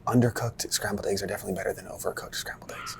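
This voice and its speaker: A man's voice: lowish voice, steady tone, racing, whispered. A man from Canada hosting a casual interview, playful and teasing as he quizzes his guest. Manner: playful, teasing, quiz-style questions. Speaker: host.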